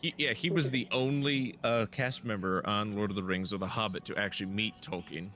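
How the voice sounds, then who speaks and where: A man's voice: lowish voice, a little fast, bright, forceful tone, faint music behind. A man in casual gaming chat, telling rambling stories with frequent restarts.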